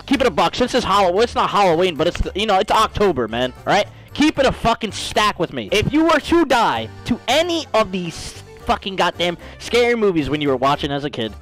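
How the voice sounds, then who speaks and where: A young streamer chats over his gameplay in a high, bouncy voice that swoops up and down. His casual talk is crude and excitable, broken by sudden shouts.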